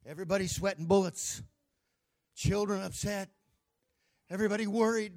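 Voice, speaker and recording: High-voiced preaching man. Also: moderate pace, darkish tone. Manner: emphatic storytelling preaching. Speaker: pastor. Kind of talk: sermon.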